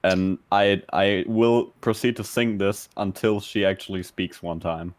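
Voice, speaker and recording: Deep, flat-voiced man, dry sound. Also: a little slow, dry recording. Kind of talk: casual chat on a gaming stream.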